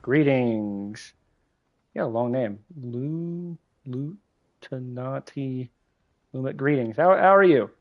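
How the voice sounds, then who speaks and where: A man's voice: medium pitch, slow pace, phone-quality sound. A young American man chatting casually with his live chat while playing a game, swearing now and then. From United States. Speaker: live streamer.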